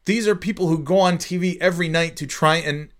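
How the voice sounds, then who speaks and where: A man's voice: fairly high pitch, a little fast. A man ranting casually on his podcast, profane and exasperated, rambling with lots of restarts. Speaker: podcast host. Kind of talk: casual rant.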